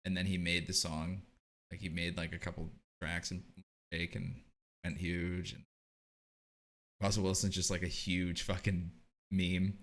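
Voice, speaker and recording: A young man, co-hosting a casual podcast and telling stories in an animated way, swearing and laughing often. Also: low-pitched, a little slow, long pauses. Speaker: podcast co-host.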